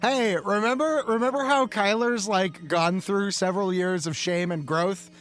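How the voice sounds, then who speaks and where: A man's voice: sits high, moderate pace, fairly bright tone. A man narrating a tabletop game as game master, often amused and laughing.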